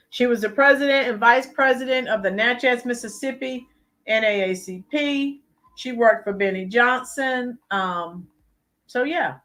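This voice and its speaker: A woman's voice: fairly high pitch, a bit bright. A woman hosting a live-stream, giving emphatic political commentary and talking to chat viewers by name. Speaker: channel host.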